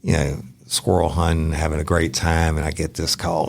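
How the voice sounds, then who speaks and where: Gravelly deep-voiced man telling a blunt story. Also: completely flat delivery, moderate pace. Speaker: podcast co-host, former detective. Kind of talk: casual storytelling chat.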